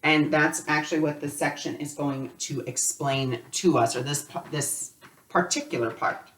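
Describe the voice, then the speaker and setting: A man's voice: a little high, fairly even intonation, moderate pace, a bit bright, distant mic, slight background noise. A man teaching a spiritual lesson in a loose, conversational way, telling personal stories with lots of casual fillers.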